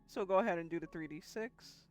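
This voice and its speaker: A woman's voice: on the low side, fairly quick, soft background music. A woman running a tabletop game as dungeon master, narrating in a casual, chatty way and swearing freely.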